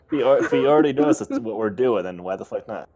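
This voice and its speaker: A man's voice: medium pitch, lively intonation, quick pace, mellow, breathy edge. A man playing in a tabletop game, chatting casually with lots of "like" fillers. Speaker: player.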